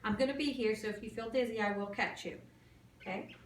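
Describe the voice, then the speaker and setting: A woman calmly talking a patient through a cranial nerve exam, step by step, with small fillers. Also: fairly high pitch, brisk, a little hiss or hum. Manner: calm step-by-step instructions with fillers. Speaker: nursing student doing an exam demo. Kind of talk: instructional clinical demonstration. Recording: echoey room from far off.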